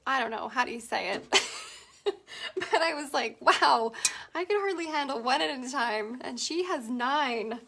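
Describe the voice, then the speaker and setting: A woman's voice: high voice, vocal fry, fairly bright tone. A middle-aged Canadian woman chatting with viewers as she teaches a painting tutorial, giggling often. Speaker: painting instructor. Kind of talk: casual live painting tutorial.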